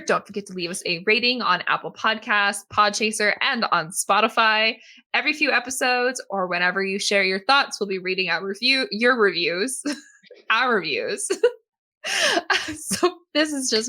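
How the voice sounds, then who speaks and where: A woman's voice: a little high, sharp tone. A woman co-hosting a podcast in casual chat. She talks in a chatty, rambling way and laughs often. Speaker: podcast co-host.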